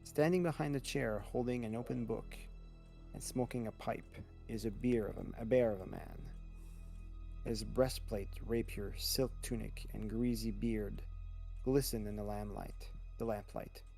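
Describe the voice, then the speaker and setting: A man narrating as game master, describing scenes in a relaxed way with frequent restarts. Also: fairly low pitch, unhurried, creaky, soft background music.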